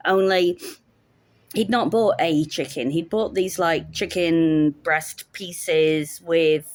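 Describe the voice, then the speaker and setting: Wry woman, low voice. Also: takes it slowly, darkish tone, dry recording. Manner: wry, sarcastic storytelling. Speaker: teacher. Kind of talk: casual vlog storytelling.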